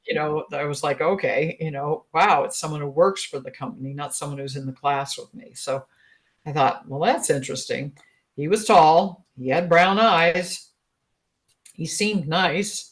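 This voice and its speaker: A woman in her sixties, a guest relationship expert, telling a personal story in a chatty, animated way, laughing often. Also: deep voice, unhurried. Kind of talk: casual storytelling in an interview.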